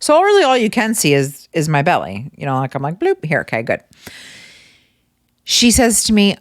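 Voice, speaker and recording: A woman hosting her own podcast, telling funny stories in a casual, animated way and swearing freely. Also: low voice, moderate pace, no echo, studio quality. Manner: animated, profane, exasperated storytelling. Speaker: podcast host. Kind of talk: casual comedic storytelling.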